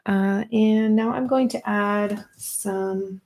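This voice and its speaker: A woman's voice: medium pitch, steady tone, takes it slowly, a little mellow. A woman in her thirties hosting a casual art journaling livestream, chatty and playful, greeting viewers as she works. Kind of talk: casual livestream craft demo.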